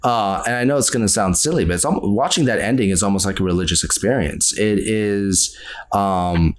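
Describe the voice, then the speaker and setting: A man co-hosting a podcast, talking through his favorite movies in casual chat, earnest and quick to laugh. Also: lowish voice. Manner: earnest, animated, laughs often. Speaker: podcast co-host.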